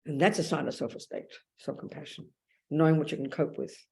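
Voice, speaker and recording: A woman's voice: low voice, fairly even intonation, a little fast, vocal fry, a little mellow. A woman with an Australian accent giving a blunt, emphatic dharma talk as a Buddhist nun, calling her listeners darling.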